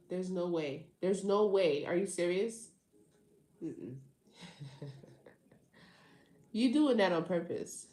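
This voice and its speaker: Woman, livestream tarot host, slow unhurried talk, slangy and teasing, casual chat, roomy echo. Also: lowish voice, lively intonation, mellow. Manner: teasing, slangy, laughs often. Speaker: tarot reader hosting a livestream. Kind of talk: casual live chat with viewers.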